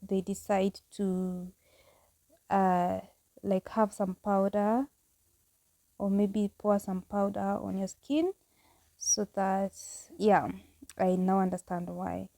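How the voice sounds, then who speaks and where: A woman's voice: mid-range voice, little pitch movement, slow, gravelly, pauses often, dark tone, no room sound. A woman vlogging a casual home tutorial, chatty and candid, laughing at herself as she goes. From Kenya.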